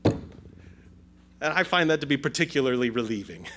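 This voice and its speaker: A man's voice: mid-range voice, very animated, fast, pushed and bright. A male pastor preaching a sermon with an emphatic, repetitive cadence.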